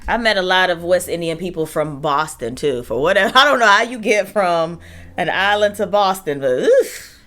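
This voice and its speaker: A woman's voice: lowish voice, expressive, normal speed, a bit bright. A woman in her forties co-hosting a podcast, trading dry wisecracks in casual chat. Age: 40s. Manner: wisecracking, drawling asides. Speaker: podcast co-host. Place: Atlanta.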